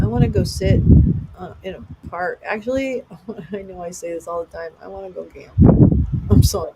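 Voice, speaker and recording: A woman's voice: mid-range voice, normal speed, background noise. A woman hosting a casual livestream, talking bluntly and ranting with plenty of profanity. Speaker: livestream host.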